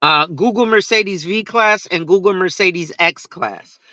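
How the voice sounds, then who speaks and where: Guy ranting on camera, high bright voice, cussing a lot, kinda dull dry sound. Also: slow, no room sound. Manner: profane, rambling, laughs at his own stories. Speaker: insurance agent and social media host. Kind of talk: casual rant to camera.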